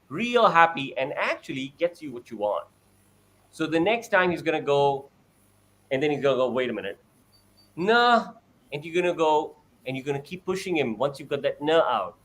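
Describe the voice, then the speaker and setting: This father talks animatedly at normal speed over a video call about coaching kids, acting out the back-and-forth between parent and child in a bright high voice as he shares his experience.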